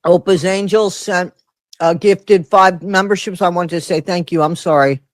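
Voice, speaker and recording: Brief: mid-pitched livestream host, chatty and loose, greets viewers by name, dry close-mic sound. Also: steady tone, moderate pace, dry recording. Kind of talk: casual livestream chat.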